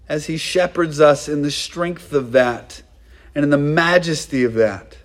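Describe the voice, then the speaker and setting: A man's voice: a little high, slow, darkish tone. A man preaching a sermon, emphatic, repeating key phrases for stress. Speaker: pastor.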